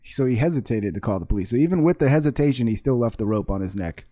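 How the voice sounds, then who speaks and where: A man's voice: medium pitch, expressive, fast, warm tone, no echo, studio quality. A man hosting his own vlog, ranting with sarcasm and constant swearing as he reacts to clips. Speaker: vlog host. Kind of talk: profane ranting commentary.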